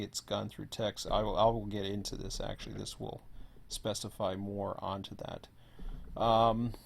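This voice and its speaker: A hoarse man who is losing his voice gives a rambling, offhand walkthrough as host of an online server. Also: on the low side, a little mellow, slight background noise. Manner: rambling, offhand, says "blah, blah, blah". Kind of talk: casual screen walkthrough.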